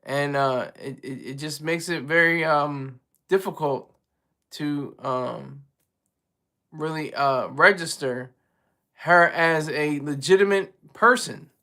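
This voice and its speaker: A man with a high, bright voice hosts his own show in loose solo commentary. He stops and restarts a lot, leaning on ums and you-knows. He chuckles often as he talks. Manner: halting, rambling, heavy on fillers; chuckles often while talking. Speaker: show host.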